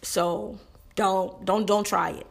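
A woman's voice: medium pitch, steady tone, slow pace, gravelly. A young adult woman hosting a podcast, delivering a heated, preachy monologue aimed straight at the men listening. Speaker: podcast host. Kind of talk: opinionated monologue.

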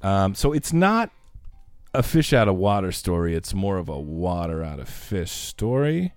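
Male podcast co-host, low voice with a lively, swinging delivery, wry humor, dry close sound. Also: measured pace, dry recording, faint music behind. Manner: wry, dry jokes with playful put-downs. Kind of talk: casual movie-review chat.

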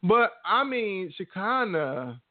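A man's voice: sits high, very animated, takes it slowly, no room sound. A man co-hosting a podcast in casual chat, blunt and profane, reading gossip aloud. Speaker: podcast co-host. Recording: tinny phone-like dry sound.

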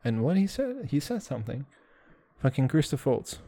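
A man's voice: medium pitch, very animated, moderate pace, gravelly, warm tone, no room sound. A man chatting casually in a vlog, rambling and swearing, often repeating "dude" and "all right".

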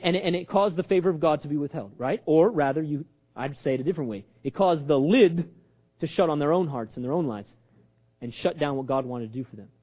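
A man's voice: on the high side, muffled recording. A man preaching a sermon as pastor, acting out the voices he quotes and joking along the way. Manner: animated, acts out quoted voices, jokes with audience.

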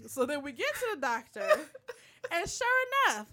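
A woman tells stories in a relaxed group conversation, her voice high and bright. She acts out every exchange with big swings in pitch and laughs through the punchlines. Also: moderate pace. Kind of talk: casual storytelling chat.

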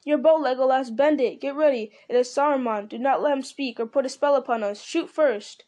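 A woman voicing an impatient male dwarf warrior who talks in urgent, excitable hisses. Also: a little high, normal speed, lightly acted.

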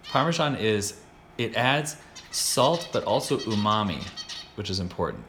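A low-voiced American man hosts a relaxed chat and rambles with enthusiasm, doubling back and restarting his sentences. A faint hiss sits under the recording. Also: unhurried. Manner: rambling, self-interrupting, enthusiastic. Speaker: podcast host. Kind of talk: casual chat.

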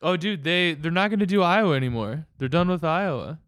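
A man's voice: a little high, fairly quick, fairly bright tone, dry recording, clean studio sound. A man in casual chat as a co-host, laid-back, explaining things with hesitant fillers.

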